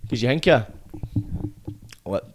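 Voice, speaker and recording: A man with a Scottish accent hosting a podcast, bantering casually with quick, sweary jokes. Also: mid-range voice, animated, a little hiss or hum. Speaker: podcast host. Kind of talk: casual chat.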